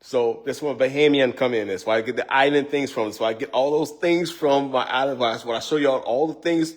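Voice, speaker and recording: A man's voice: mid-range voice, a little fast. Joking cooking-show man, laughs a lot. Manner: loose, joking, laughs often, says y'all. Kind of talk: casual livestream chat.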